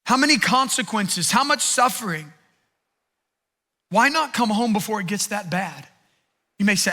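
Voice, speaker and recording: A man's voice: high-pitched, animated, moderate pace, pauses often, bright, forceful tone. A man pastor giving an earnest, conversational sermon with repeated phrases.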